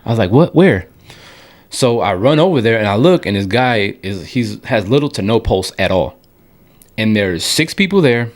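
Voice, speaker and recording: A man's voice: lowish voice, moderate pace. A young man co-hosting a podcast, telling a story casually and acting out the people he quotes. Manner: animated storyteller, acts out quoted voices. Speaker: podcast co-host.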